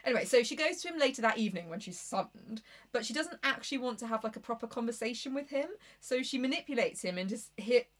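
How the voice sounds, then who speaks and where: A woman's voice: a little high, animated, quick pace, fairly bright tone. A young woman co-hosting a casual book chat, giggling and swearing as she retells the plot. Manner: giggly, swears often, acts out characters. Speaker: podcast co-host.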